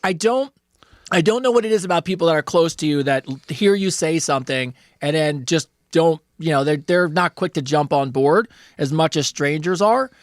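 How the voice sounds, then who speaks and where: A man with a high voice trades casual advice on a podcast, laughing often and swearing freely. The sound is dry and close, with no room echo. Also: lively intonation, moderate pace. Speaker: podcast co-host answering listener questions.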